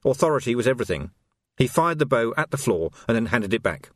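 A man narrating a novel with an expressive, story-paced delivery. His pitch rises and falls freely across the lines. The recording is close and dry, with no room sound. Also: quick pace, no echo. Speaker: audiobook narrator. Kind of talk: audiobook narration.

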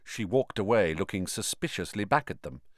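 A man narrating an audiobook in an expressive, animated reading. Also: on the low side, normal speed, dry recording, studio quality. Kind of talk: scripted narration.

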